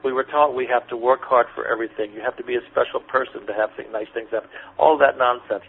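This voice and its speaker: A man working as a spiritual teacher, giving gentle guidance and answering listeners' questions in a soothing, repetitive way, calling them honey and sweetie. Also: mid-range voice, steady tone, fast talker, husky. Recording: phone-like lo-fi radio recording with faint noise.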